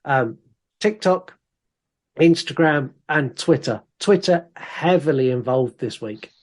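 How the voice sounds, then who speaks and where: Male podcast co-host, slightly high voice, lively and teasing. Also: takes it slowly. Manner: animated, reads listener comments aloud with put-on voices. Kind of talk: casual chat.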